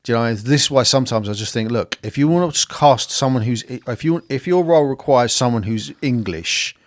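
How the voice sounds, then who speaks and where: A man's voice: mid-range voice, fairly quick, no echo. Blunt, sweary male podcast co-host. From second-generation Irish. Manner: blunt, sweary, rambling with many fillers. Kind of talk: casual film chat.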